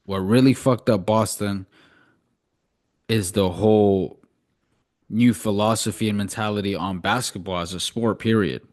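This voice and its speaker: A man's voice: lowish voice, steady tone, unhurried, pauses often, darkish tone. A young man co-hosting a casual sports podcast, talking bluntly and swearing freely. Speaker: podcast co-host.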